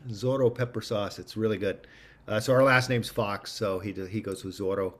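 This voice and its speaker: Easygoing lower-voiced man. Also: steady tone, moderate pace. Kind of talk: casual chat.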